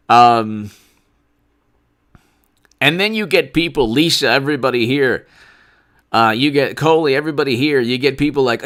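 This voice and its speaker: A man's voice: medium pitch, moderate pace, long pauses, fairly bright tone. A man hosting a political commentary livestream, talking in a sarcastic, rambling way.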